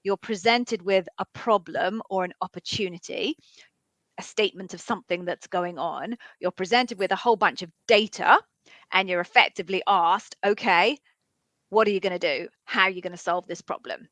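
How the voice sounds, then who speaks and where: Woman, mid pitch, frank conversational coach, dry close sound. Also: normal speed, a bit bright, no room sound. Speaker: interview coach. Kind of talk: live Q&A coaching.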